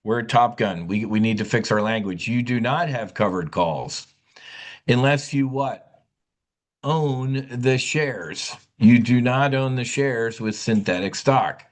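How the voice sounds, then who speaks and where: Guy hosting a live trading webinar, blunt and animated, keeps repeating himself, average pitch. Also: slow. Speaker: options trading host.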